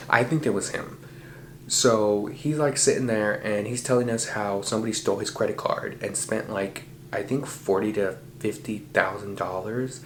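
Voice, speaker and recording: A man's voice: fairly low pitch, reverberant, a little hiss or hum. A man telling a dream story in a casual podcast monologue, swearing freely and acting out the lines of the people in it. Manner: profane, animated retelling with quoted voices. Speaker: podcast host.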